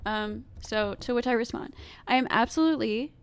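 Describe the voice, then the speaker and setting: A woman's voice: on the high side, smooth. Stuffy-nosed woman reading comments aloud. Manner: measured, reads replies aloud with pauses and fillers. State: stuffy nose. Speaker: commentary video host.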